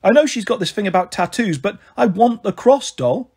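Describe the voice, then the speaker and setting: A man's voice: high voice, animated, moderate pace, a little mellow, breathy edge, voice pushed up, full character voice. A man putting on a gushing, dramatic young mum. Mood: gushing, pleading. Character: flamboyant, impulsive tattooed young mother.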